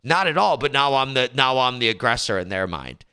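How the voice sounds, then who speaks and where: Bright animated male talk host. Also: medium pitch, brisk, clear, resonant tone. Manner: animated storytelling, acts out quoted arguments loudly. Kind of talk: casual talk show chat.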